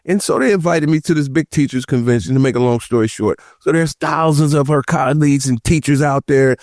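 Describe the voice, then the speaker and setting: A man on a podcast panel telling personal stories in casual chat, animated and acting out the voices of the people he quotes. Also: mid-range voice, a little fast, dry recording, clean studio sound. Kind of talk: casual roundtable chat, storytelling.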